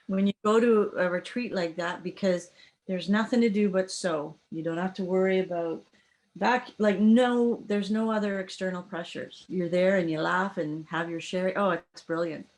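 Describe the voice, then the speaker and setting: A woman's voice: on the low side, normal speed, darkish tone, rough recording. Enthusiastic woman, podcast co-host, easy casual chat.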